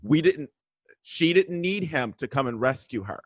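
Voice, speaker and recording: A man's voice: on the high side, measured pace. A man telling a story in casual chat as a guest, acting out the quotes. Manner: animated storyteller, acts out quotes. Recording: remote video call.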